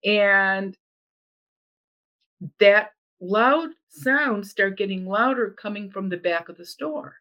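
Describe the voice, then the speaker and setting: A middle-aged woman, a storyteller guest, shares a personal story in casual chat, animatedly acting out the voices of the people she quotes. Her voice is medium in pitch and she takes it slowly. The recording is rough.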